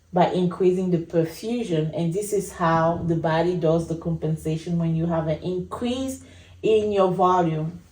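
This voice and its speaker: Slow, mellow-voiced woman teaching. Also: fairly low pitch, reverberant, a little hiss or hum, poor audio. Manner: slow, repetitive explaining, addresses viewers as guys. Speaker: anesthesia educator. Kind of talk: whiteboard lecture.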